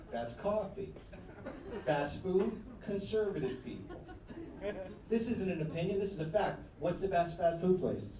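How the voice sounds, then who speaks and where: A man's voice: high-pitched, moderate pace, recorded from a distance. A man performing a stand-up comedy set, loose and profane, riffing over crowd laughter. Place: comedy club stage. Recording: echoey venue, mic heard from afar, noisy.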